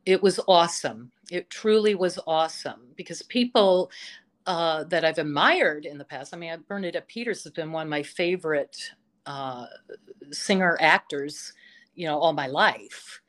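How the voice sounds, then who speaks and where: A woman who teaches voice, chatting as an interview guest and telling stories with enthusiasm, often pausing on fillers. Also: low-pitched, a bit bright. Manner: enthusiastic storytelling, full of fillers. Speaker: vocal instructor, interview guest. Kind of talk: casual interview chat.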